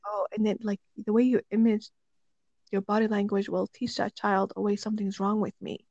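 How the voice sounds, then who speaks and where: A woman and parent chatting casually, telling animated stories and acting out quotes. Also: mid-range voice, brisk, no room sound, muffled recording. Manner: animated storyteller who acts out quotes. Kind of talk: casual chat.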